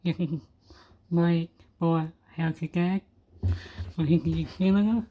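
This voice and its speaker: A man's voice: on the high side, steady tone, measured pace, muffled recording. A man from Australia with an Australian accent, giving casual reaction commentary in a laid-back, blunt way. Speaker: reaction video host.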